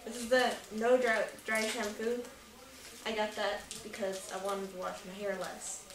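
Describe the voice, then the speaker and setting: A woman's voice: mid-range voice, level tone, measured pace. A young woman chatting casually in a rambling, giggly way as she shows off a shopping haul. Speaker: vlogger. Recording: echoey room from far off with noise.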